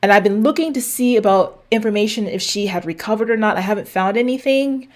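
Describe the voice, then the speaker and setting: A middle-aged woman hosting a fitness show speaks briskly in a mid-range voice. Addressing viewers directly, she rants blunt, preachy advice, swearing for emphasis and repeating lines for punch.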